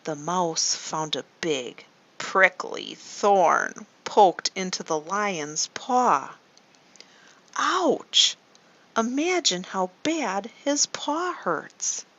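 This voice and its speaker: A woman leading a guided story meditation for children, slow and soothing, often asking the listener questions. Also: lowish voice, lively intonation, a bit bright. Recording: dull lo-fi recording.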